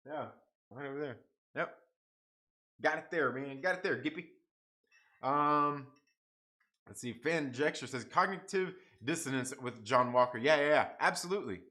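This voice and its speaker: Excitable man hosting a livestream review. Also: medium pitch. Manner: excitable, swears often, repeats phrases. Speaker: YouTube show host reviewing TV episodes. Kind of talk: casual livestream commentary.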